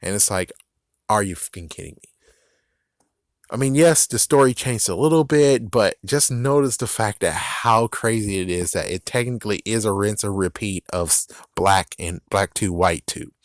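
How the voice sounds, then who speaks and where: A man's voice: fairly low pitch, moderate pace, no echo. Exasperated man ranting, dry sound. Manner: exasperated, profane, repetitive ranting. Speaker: gaming vlogger. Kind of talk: ranting gaming commentary.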